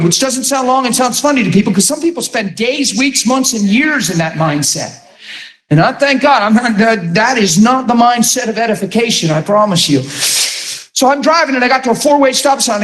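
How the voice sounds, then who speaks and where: A man preaching in a conversational sermon, earnest and rambling, laughing often as he tells stories. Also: high voice. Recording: echoey room.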